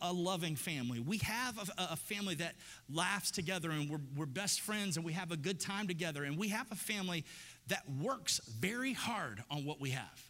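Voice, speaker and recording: A man's voice: high-pitched, bright, forceful tone, in a large hall. A man preaching a sermon as pastor, conversational and joking, building to emphatic repeated lines. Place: church sanctuary.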